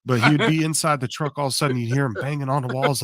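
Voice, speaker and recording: A man's voice: medium pitch, fairly even intonation, racing, dry recording. A man talking in a casual chat, rambling and curious, often repeating words as he works out what he wants to say. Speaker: co-host on a live stream.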